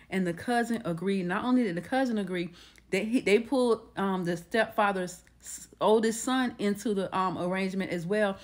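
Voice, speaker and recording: A woman retelling a true crime case in a casual, conversational way, restarting her sentences often. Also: medium pitch. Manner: conversational, with frequent restarts and acted quotes.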